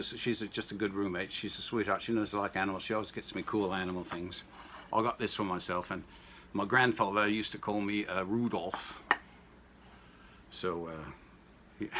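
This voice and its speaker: Bright-voiced rambling man in his sixties. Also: on the low side, a little hiss or hum. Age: 60s. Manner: rambling, jokey asides and anecdotes. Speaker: home cooking vlogger. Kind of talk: casual kitchen demo chat.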